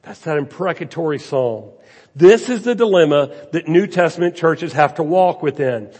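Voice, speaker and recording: Husky-voiced pastor guy preaching, kinda high voice, big church echo. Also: lively intonation, moderate pace, a little mellow. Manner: preaching with rising and falling emphasis, rhetorical questions. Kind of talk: sermon. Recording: long hall reverb.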